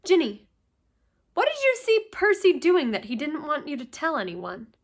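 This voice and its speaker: A woman's voice: high-pitched, huge pitch swings, normal speed. A woman reading the lines of a young boy wizard, with her own voice kept plain and dry.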